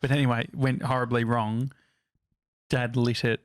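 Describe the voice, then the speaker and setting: A man's voice: mid-range voice, flat delivery, normal speed, no room sound. Here is an Australian man with a mid-range voice, telling loose, meandering stories and restarting his sentences. The sound is close and dry, with no room sound. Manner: rambling, self-correcting anecdotes. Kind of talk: casual podcast chat.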